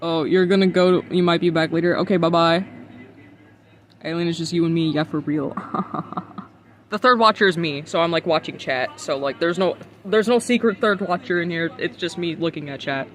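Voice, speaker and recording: High, bright-voiced man reacting. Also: normal speed, a little hiss or hum. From United States. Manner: incredulous, profane, laughs often. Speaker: streamer. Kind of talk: casual reaction commentary.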